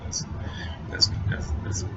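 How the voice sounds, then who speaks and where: A man's voice: slow, in a whisper, over music. A man telling a casual story, swearing freely, often laughing and stumbling over his words. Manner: profane, laughing often, repeats and restarts words. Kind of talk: casual anecdote. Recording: dull lo-fi recording with faint noise.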